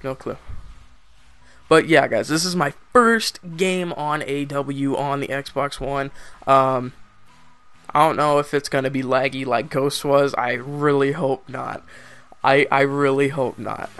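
A man's voice: fairly high pitch, a bit bright. A young man giving casual, rambling gameplay commentary, getting frustrated and laughing at lag.

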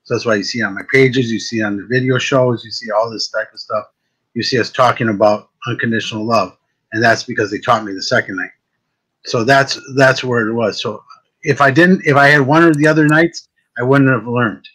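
A man with a fairly deep voice, hosting a casual chat as a psychic medium and telling stories in an animated way, often repeating words as he starts a thought. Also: brisk, breathy edge, poor audio.

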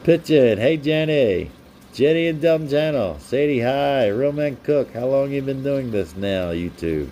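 A young man hosting a casual live stream, reading out viewers' comments and names and giving them shout-outs in a chatty, upbeat way. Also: mid-range voice, lively intonation, normal speed, a little hiss or hum. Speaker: livestream host.

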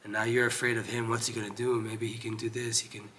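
A man giving a Torah lesson who reads Hebrew passages quickly and explains them in English with frequent restarts. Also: slight background noise. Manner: grows loud and high when animated, drops low when lecturing. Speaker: Torah teacher.

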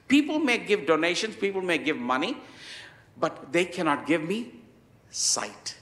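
An emphatic man preaching a sermon, pausing often between phrases. His voice sits a little high and sounds bright and forceful. The room around him is echoey. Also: very animated. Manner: emphatic, with frequent pauses and fillers. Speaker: pastor.

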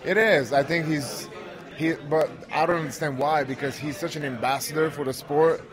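A man's voice: a little high, fairly even intonation, normal speed, a crowd in the background. A man, answering interview questions in blunt, confident short lines. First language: Bulgarian. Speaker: interview guest, pro wrestler. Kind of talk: casual interview.

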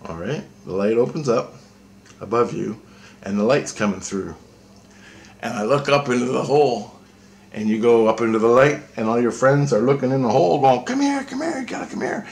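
Guy rambling intensely into his camera, swears a lot, middle pitch. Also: moderate pace, vocal fry. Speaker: vlogger. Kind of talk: rambling spiritual monologue.

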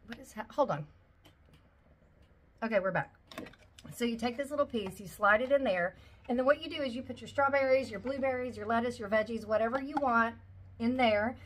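A woman's voice: on the high side, a little fast, pauses often, a little hiss or hum. A woman in her forties chatting casually at home as she unboxes a shopping haul, gushing over each item. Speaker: vlogger.

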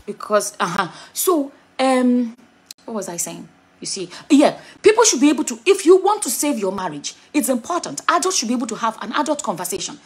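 Very animated and fairly quick, a middle-aged Nigerian vlogger speaks in a slightly high voice with a Nigerian accent. She comments candidly to camera, straying from her subject before coming back, and the sound is slightly rough.

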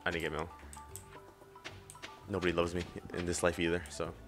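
A young man playing a farming game with a friend, excitable, laughing often and swearing. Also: sits low, a little fast, faint music behind. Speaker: co-op gamer. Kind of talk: casual let's-play banter.

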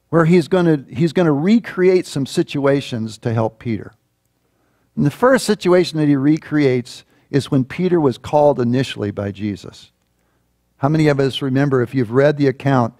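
Animated man preaching a sermon. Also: medium pitch, no echo, clean studio sound. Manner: animated storytelling, acting out quoted voices. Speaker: pastor. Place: church.

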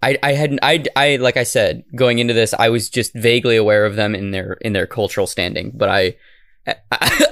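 A man's voice: medium pitch, a bit bright, smooth, no room sound, clean studio sound. A man co-hosting a podcast, talking casually with lots of fillers and the odd swear, and reading out narration. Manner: rambling, swears, laughs easily. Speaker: podcast co-host. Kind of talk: casual chat and read narration.

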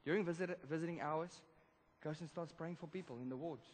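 A male pastor telling a story in a sermon, animated, swinging between loud emphasis and hushed moments. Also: fairly high pitch, brisk, a little hiss or hum. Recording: long church hall reverb.

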